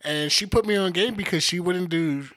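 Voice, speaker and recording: A man co-hosting a podcast, telling a story in casual chat, swearing and animated, acting out what people said. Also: high voice, normal speed. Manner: animated, profane, acts out quotes. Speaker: podcast co-host.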